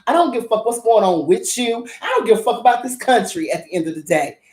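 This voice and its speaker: A woman's voice: a little high, animated, fast talker, a little mellow. A woman host reviewing a drama in a casual, blunt rant, swearing heavily and repeating herself for emphasis. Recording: echoey room.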